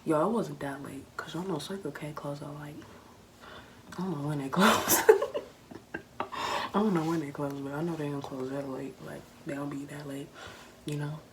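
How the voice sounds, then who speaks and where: Low-voiced teen girl, hushed chatty storytelling. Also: fairly even intonation, moderate pace, pauses often. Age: late teens. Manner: hushed, half-whispered narration; casual, chatty, talks straight to viewers. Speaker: vlogger telling a story. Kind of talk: casual storytime monologue. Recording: noisy background ambience.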